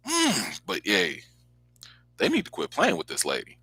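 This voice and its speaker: A man hosts a live reaction chat and calls out to his viewers. His bright, forceful voice leaps around in pitch. The sound is dry and close. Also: measured pace, breathy edge, dry recording. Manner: animated, exclaiming, talks straight to viewers. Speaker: host.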